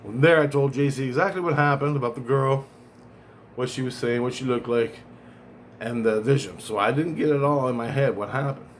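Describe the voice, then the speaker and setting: Over slight background noise, a man with a mid-range voice speaks briskly in a vlog. His long personal tale is profane and digressive, and he keeps restarting and correcting himself.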